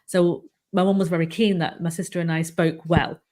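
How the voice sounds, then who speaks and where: A woman's voice: lowish voice, little pitch movement, normal speed, a little mellow. Chatty woman with a mild northern English accent. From England, Manchester. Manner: chatty, lots of fillers like "you know". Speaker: host. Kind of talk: casual interview chat.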